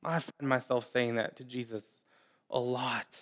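A man preaching a sermon in an earnest way, often repeating words and pausing. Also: medium pitch, steady tone, a bit bright. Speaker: pastor.

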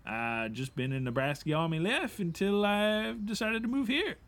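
A man's voice: high voice, expressive, normal speed, fairly bright tone. A man playing a bumbling folksy farm boy. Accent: rural Midwestern put-on. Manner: stammering, rambling, goofy. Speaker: improv comedy performer. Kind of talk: improvised comedy role-play.

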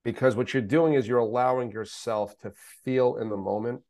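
This middle-aged man, a special needs father, is a podcast guest in a candid conversational interview. His medium-pitched, darkish voice stays fairly even at normal speed, yet he's emphatic, repeating himself and swearing now and then, with no room sound.

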